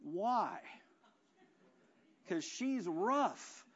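A man's voice: high voice, expressive, very slow, a bit bright, slightly rough, lo-fi sound. A man preaching a conversational, self-deprecating sermon full of rhetorical questions. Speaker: pastor.

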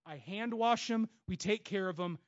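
A man preaching a sermon with passion, moving between loud bursts and hushed stretches. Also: sits high, moderate pace. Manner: acts out God's voice and inner voices in quotes. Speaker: pastor. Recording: dull lo-fi sound.

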